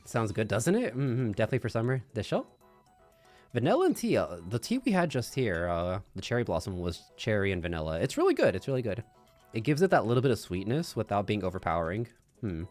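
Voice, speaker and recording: Lively low-voiced man chatting casually. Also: fast, faint music behind. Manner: rambling, thinks aloud with hums and little laughs. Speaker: streamer. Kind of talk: casual chat. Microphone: binaural microphone.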